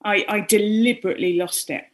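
A woman's voice: mid-range voice, steady tone, a little fast. Northern english woman, accent mostly gone, chatty guest, lots of ums and restarts. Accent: softened northern English, mostly lost. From northern England. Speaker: guest speaker. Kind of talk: casual chat on a talk show.

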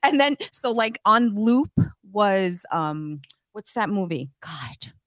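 A woman telling a story on a podcast in casual chat, animated and swearing often between bursts of laughter. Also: medium pitch, slow pace, dry recording. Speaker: podcast co-host.

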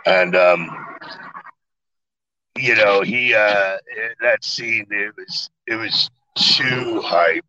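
A man, an actor guest in an interview, telling lively stories full of swearing and acted-out quotes. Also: lowish voice, extremely slow, no echo, highs cut off. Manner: animated, profane, acts out quotes. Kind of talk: storytelling interview.

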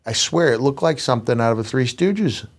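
A middle-aged man and retired wrestler telling animated, rambling stories in a casual podcast chat. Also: medium pitch, fairly quick. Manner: animated, rambling anecdotes with restarts.

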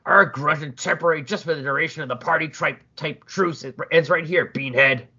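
A man's voice: on the high side, a little fast, pushed and bright, dull audio, voice pushed up, full character voice. A man voicing a crude, brawling male space bounty hunter who talks rudely and hurls insults. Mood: scornful. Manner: rude, insulting, gruff.

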